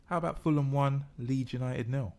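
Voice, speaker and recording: A man's voice: medium pitch, moderate pace, warm tone. A man co-hosting a casual podcast, reading out results and making predictions in a teasing, presenting way. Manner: teasing, game-show-like presenting. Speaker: podcast co-host, football fan.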